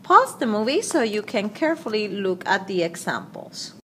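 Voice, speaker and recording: A woman teaching grammar, slowly reading out verb forms and translating examples. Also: medium pitch, very animated, bright, forceful tone, slight background noise. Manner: slow, deliberate, repeating conjugations aloud. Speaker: Spanish teacher. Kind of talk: slide-based grammar lesson.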